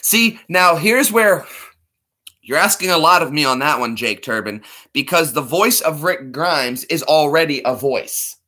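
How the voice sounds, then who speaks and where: A man's voice: on the high side, expressive, a little slow, bright, forceful tone. A man chatting casually in a vlog, rambling and laughing between attempts at impressions. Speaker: vlogger.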